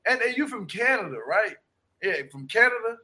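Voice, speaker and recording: A man, chatting casually with loud, laughing, slangy, animated storytelling. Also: high-pitched, fairly quick. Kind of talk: casual joking chat.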